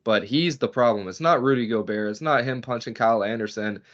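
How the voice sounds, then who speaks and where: A man's voice: medium pitch, a little fast. A man co-hosting a casual sports podcast rants with plenty of profanity. His voice sits in an ordinary middle register. The audio is dull and lo-fi. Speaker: podcast co-host.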